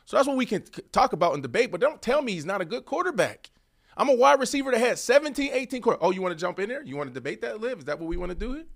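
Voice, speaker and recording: An animated male sports podcast co-host in his thirties, a former receiver who argues hard and swings between loud pushes and quiet asides. His voice sits a little high for a man. The talk is casual and full of rhetorical questions. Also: very fast, gravelly.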